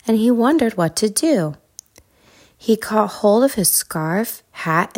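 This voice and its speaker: A woman narrating a children's storybook in a calm, soothing way. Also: mid-range voice.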